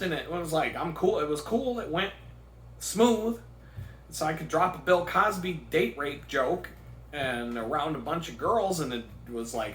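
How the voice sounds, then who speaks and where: Gen X man, forties, bright and forceful, slightly high voice, loose profane storyteller, echoey room. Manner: profane, rambling storytelling with bursts of laughter. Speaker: vlogger. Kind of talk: casual rant.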